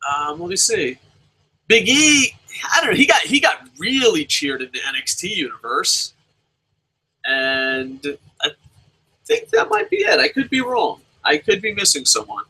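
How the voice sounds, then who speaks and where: A young man hosting a casual live review alone, reading viewer comments aloud and swearing freely as he jumps between loud outbursts and mumbled asides. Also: high-pitched, wildly swooping pitch, measured pace, slightly rough, poor audio. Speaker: show host.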